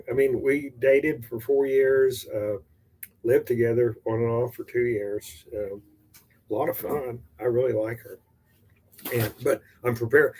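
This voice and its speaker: Older Texan man, husky and rambling. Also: mid-range voice, a little mellow. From Texas. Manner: rambling, halting, self-deprecating. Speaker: amateur stand-up comedian. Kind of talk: casual vlog, rehearsing stand-up.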